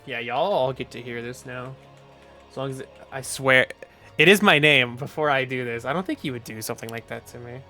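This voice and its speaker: A man with a Southern US accent chatting casually on his stream, loose, profane and quick to laugh. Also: medium pitch, pushed and bright, faint music behind. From Southern United States. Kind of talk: casual livestream chat.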